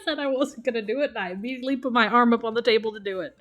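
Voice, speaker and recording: A woman streaming a video game, chatty, excitable and self-deprecating as she comments. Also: fairly high pitch, racing, soft background music. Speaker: let's play streamer.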